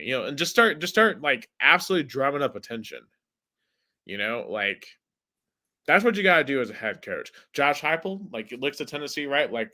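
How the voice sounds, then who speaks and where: This sports podcast host has a medium-pitched, pushed, bright voice with big swings in pitch, delivered at a moderate pace. He chats casually and leans heavily on the word "like."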